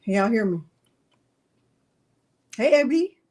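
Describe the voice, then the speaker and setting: A woman's voice: a little high, animated, slow pace, a little mellow, low-quality recording. A woman hosting a crafting livestream in casual, playful chat, greeting viewers by name and coaxing her pet in a teasing baby-talk voice. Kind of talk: casual live-stream chat.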